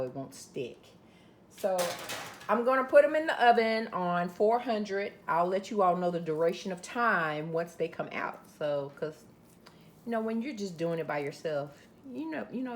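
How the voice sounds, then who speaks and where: Working through a relaxed cooking video, a Southern woman with a fairly low voice chats away and addresses her viewers as "y'all." She hosts a cooking channel, and a faint hiss or hum sits under her voice.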